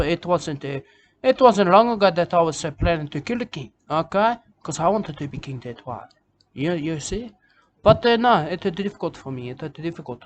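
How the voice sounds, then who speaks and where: Comic bushman poet, self-important and repetitive, raised pitch, put on by a man. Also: a little hiss or hum, lightly acted. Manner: rambling, repetitive, ends lines with "okay?" and "mate". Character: rambling self-important male Australian bush poet. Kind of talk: comic character monologue.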